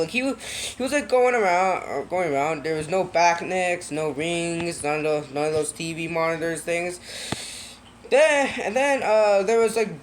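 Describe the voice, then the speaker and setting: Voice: mid-range voice, slight background noise. A speaker casually retelling a creepy game story, full of fillers, restarts and wry asides.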